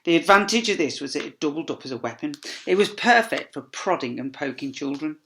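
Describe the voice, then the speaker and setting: A man's voice: a little high, animated, a little fast, few pauses, a bit bright. A man, a teacher reading a children's story aloud, with playful asides to young listeners. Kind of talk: expressive storybook read-aloud.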